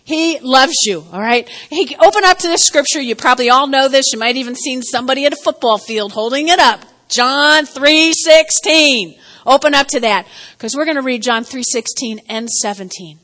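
A woman pastor preaching a sermon, telling stories with animated, laughing delivery. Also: high voice, normal speed.

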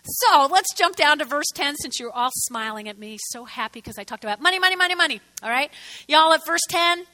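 A woman pastor preaching a lively, playful sermon to her congregation, acting out the Bible figures in quotes. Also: high voice, normal speed, low-quality recording.

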